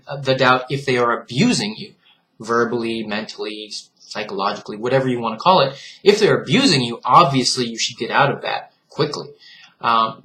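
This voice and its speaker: A man's voice: medium pitch, sharp tone. A man in a casual vlog monologue, earnest and reflective, speaking straight to his viewers and laughing at what he finds foolish. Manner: earnest and reflective, lecturing the viewer with frequent direct appeals. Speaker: vlogger.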